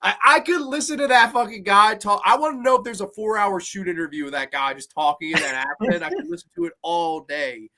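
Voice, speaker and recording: A man's voice: high-pitched, a little fast, hardly any pauses, background noise. A man hosting a casual review podcast, enthusiastic and swearing freely as he chats. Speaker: podcast host.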